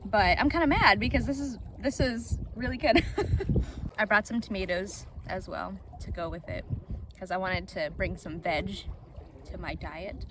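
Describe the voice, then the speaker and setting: A 27-year-old woman vlogs casually in a medium, unhurried voice, bubbly and full of giggles. She films on her phone first in a car and then outdoors by the ocean, with steady background noise from the outdoor setting.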